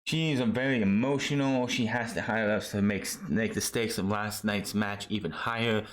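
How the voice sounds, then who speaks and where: A man's voice: on the low side, moderate pace. Rambling man recapping wrestling, roomy sound. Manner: rambling, animated retelling with many fillers. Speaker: wrestling show reviewer. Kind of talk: casual recap commentary.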